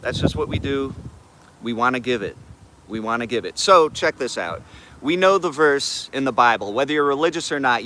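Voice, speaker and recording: A man's voice: medium pitch, pushed and bright, slight background noise. A man hosting a live morning affirmation stream, talking in laid-back slang and greeting chat viewers by name. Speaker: livestream host.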